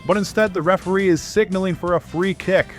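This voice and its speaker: A man giving a deadpan parody sports commentary in a mock-formal tone. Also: sits high, quick pace, soft background music, lightly acted.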